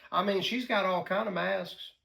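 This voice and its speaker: A man's voice: high-pitched, steady tone, moderate pace, gravelly, pushed and bright. A man hosting a casual commentary chat, making dismissive, sarcastic remarks. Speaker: commentary host.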